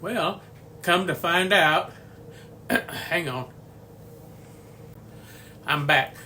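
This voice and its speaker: A man's voice: a little high, very slow, bright, forceful tone, a little hiss or hum. A man in his sixties hosting a home cooking video from his kitchen, a folksy, rambling storyteller who chuckles often. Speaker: home cooking channel host. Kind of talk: casual cooking video chat.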